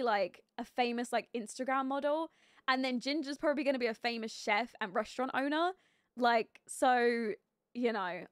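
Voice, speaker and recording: A young woman with a high, bright voice runs a relaxed live game stream, thinking out loud and breaking into giggles. She greets her chat by name between comments on the game. The sound is close and dry, with no room around it. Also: no echo. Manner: chatty and giggly, thinking aloud with many fillers, greeting chat viewers. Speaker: live streamer playing a life-sim game. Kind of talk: casual gameplay commentary.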